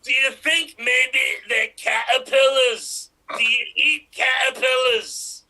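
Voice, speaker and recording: A man playing a doctor in a gravelly put-on voice with a fake Scottish accent. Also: very high voice, steady tone, takes it slowly, bright, forceful tone, full character voice. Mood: probing. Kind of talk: improv comedy scene.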